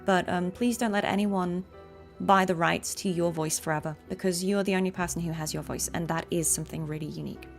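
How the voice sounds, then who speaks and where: A woman chats while she plays, giving sincere career advice broken by ums and small laughs. Her voice has a gravelly fry to it. Faint game music plays behind her. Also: fairly low pitch, steady tone, a little fast. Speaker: voice actor and streamer. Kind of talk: casual chat while gaming.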